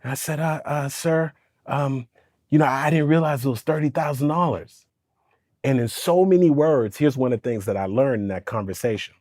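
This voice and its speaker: An animated male storyteller, dry close sound. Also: medium pitch, normal speed, no room sound. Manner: animated storyteller who acts out quoted voices. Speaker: guest, storytelling coach. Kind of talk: conversational interview storytelling.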